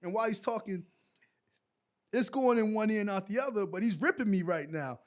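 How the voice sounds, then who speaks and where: A man with a very high voice tells a story as an interview guest. He talks in an animated way and acts out the other people's lines himself. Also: brisk. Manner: animated storyteller acting out quotes. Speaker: guest, former basketball player.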